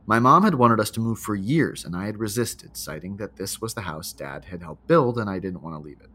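A man's voice: fairly low pitch, animated, a little fast, a bit bright. A man co-hosting a podcast, reading a listener's spooky story aloud and chatting, laughing often. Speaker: podcast co-host.

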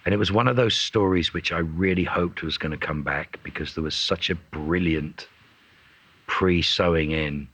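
A middle-aged man, a guest actor, telling anecdotes in a lively way and acting out what other people said. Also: low-pitched, moderate pace, slightly rough, no room sound. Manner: lively storyteller who acts out other people's lines. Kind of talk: anecdotal storytelling. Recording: dull lo-fi recording.

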